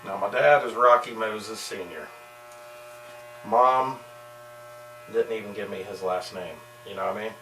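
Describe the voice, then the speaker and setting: Folksy barber chatting over clipper hum. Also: male voice, lowish voice, unhurried, long pauses, a bit bright, reverberant. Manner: easygoing, folksy, rambling. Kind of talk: casual chat while cutting hair. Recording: distant mic with electrical hum and clipper buzz.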